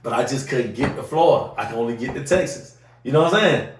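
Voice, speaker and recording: Male host, animated profane storyteller doing voices; roomy room, mic set back. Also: mid-range voice, fast, soft background music. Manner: animated storyteller acting out other people's voices, heavy profanity. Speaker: podcast host. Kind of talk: casual storytelling chat. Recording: roomy sound from a distant mic.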